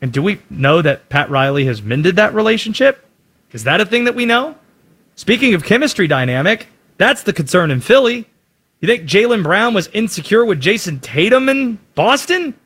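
A man's voice: high-pitched, very animated, moderate pace, a bit bright, slightly rough. A man giving an emphatic sports opinion monologue, punchy and full of rhetorical questions. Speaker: sports commentator.

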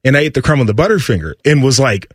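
A man's voice: mid-range voice, lively intonation, fast, breathy edge, no room sound, clean studio sound. A man casually telling a personal story in an interview clip, offhand and laughing. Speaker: interviewed athlete.

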